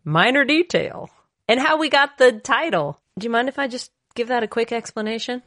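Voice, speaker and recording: A woman's voice: a little high, normal speed, no room sound, clean studio sound. A woman co-hosting a podcast, chatting in a bubbly, jokey way and telling stories with lots of energy. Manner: bubbly, jokey, animated storyteller. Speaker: podcast co-host. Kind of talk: casual chat.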